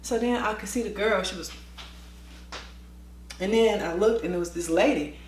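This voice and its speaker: A woman's voice: medium pitch, normal speed, roomy sound. A woman vlogger, a former teacher, telling a dramatic story and acting out the voices of the people in it. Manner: lively, dramatic, acts out quoted voices. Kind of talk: animated storytelling.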